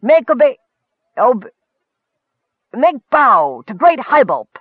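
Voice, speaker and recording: A man's voice: very high-pitched, sing-song, takes it slowly, slightly rough, no echo, phone-quality sound, voice pushed up, heavily acted. A man voicing a dim, boastful male gully dwarf king who talks in broken, childish sentences. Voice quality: broken grammar, childish bragging.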